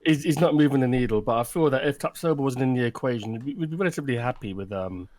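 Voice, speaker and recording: A man chatting on a football podcast, hesitant with frequent pauses. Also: mid-range voice, a little mellow. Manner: hesitant, lots of ums. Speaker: podcast co-host. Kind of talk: casual podcast chat.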